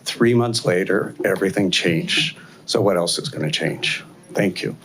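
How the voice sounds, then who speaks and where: An older man from Ohio giving a blunt, halting public comment at a city council meeting, speaking at a podium microphone. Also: deep voice, loud music behind the voice. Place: council chamber.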